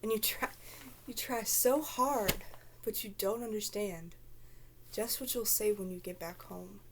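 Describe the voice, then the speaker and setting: A woman's voice: mid-range voice, measured pace, noisy background. A woman performing a dramatic spoken-word recitation, theatrical in delivery and dropping into whispers at times.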